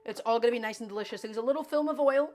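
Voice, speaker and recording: A woman's voice: fairly high pitch, racing, darkish tone. Chatty woman cooking on a live stream. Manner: chatty, encouraging, talks viewers through each step. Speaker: home cook streaming a cooking show. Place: home kitchen.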